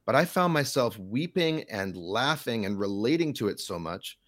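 A man's voice: mid-range voice, big pitch swings, normal speed, a bit bright, no room sound, studio quality. A man in his forties chatting casually on a podcast, articulate and sardonic as he riffs. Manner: articulate, riffing with sardonic asides. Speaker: podcast guest. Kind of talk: casual chat.

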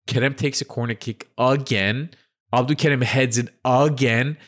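A man's voice: mid-range voice, fairly quick, fairly bright tone. A man co-hosting a casual football podcast, animatedly retelling match moments in a chatty play-by-play way. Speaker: podcast co-host. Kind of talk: casual sports podcast chat.

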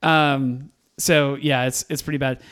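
A man co-hosting a casual movie review podcast, talking in an animated way, laughing often and acting out lines from the film. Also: mid-range voice, measured pace, clear, resonant tone. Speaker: podcast co-host.

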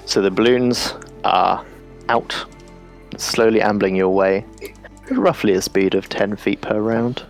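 A man's voice: fairly low pitch, slow, soft background music. A man narrating as game master on a video call, playful and fond of silly sound effects.

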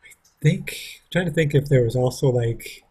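Husky man telling a rambling school story. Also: mid-range voice, moderate pace, a little mellow. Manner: rambling, frequent fillers and restarts, swears. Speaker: vlogger. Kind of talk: casual storytelling.

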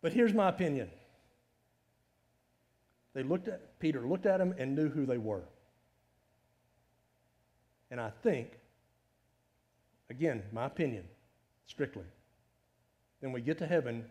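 A middle-aged man preaching a sermon in a conversational, animated way, full of rhetorical questions. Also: mid-range voice, measured pace, pauses often. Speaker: pastor.

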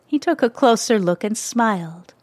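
Gentle woman reading a children's story. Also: a little high, moderate pace, no room sound. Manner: gentle, expressive narration.

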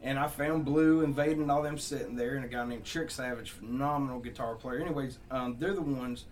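A man's voice: medium pitch, brisk, far from the mic. A young man from Southeast Georgia with a Southern accent, a country songwriter rambling through stories in casual podcast chat, laughing and cursing as he goes.

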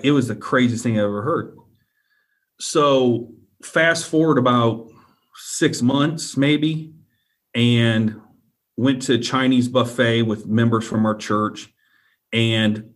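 Man, mid-pitched voice, earnest first-person storyteller, repeats himself and keeps checking in with the listener. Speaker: guest telling a personal encounter.

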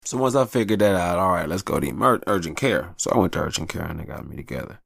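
A podcast host speaks fast in a low, expressive voice that's fairly bright, with vocal fry and a breathy edge. He tells personal stories candidly and casually, with profanity and acted-out voices. The studio-quality recording has no room sound.

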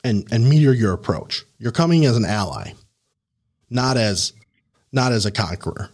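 A man hosting a podcast, coaching a guest in a casual, animated way, laughing and acting out the people he quotes. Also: lowish voice, moderate pace, slightly rough. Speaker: podcast host and career coach.

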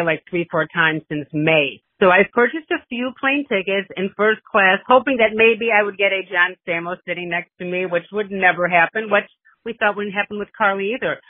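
Middle-aged mom rambling on a voicemail, gushy, dry tinny phone sound. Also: female voice, medium pitch, no room sound. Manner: gushing, chatty, breathless. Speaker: listener calling in with a voice message.

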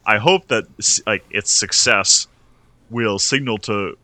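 A young man with a fairly low but bright, forceful voice, chatting casually as a podcast co-host. He rambles and restarts his sentences a lot, recorded dry and close with no room sound. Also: takes it slowly, no echo. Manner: rambling, restarts often, laughs between points. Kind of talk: casual podcast film review chat.

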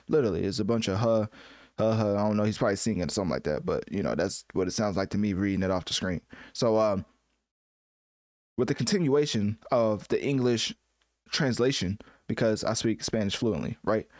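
A man's voice: on the low side, brisk, darkish tone, no room sound. A man giving casual, joking reaction commentary on a music album, self-mocking and full of fillers like "right?" and "you know.".

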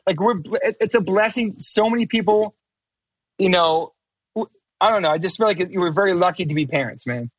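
A man's voice: high-pitched, a little fast, no room sound. A middle-aged man talking as a podcast guest in casual chat, emphatic, profane and rambling, restarting his sentences.

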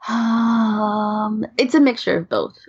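A woman's voice: mid-range voice, slow pace, darkish tone, husky, no room sound. A woman from New York, a podcast guest talking casually, laughing often and restarting her sentences. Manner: laughs often, talks with many fillers and restarts. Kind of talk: casual chat. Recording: dull lo-fi sound.

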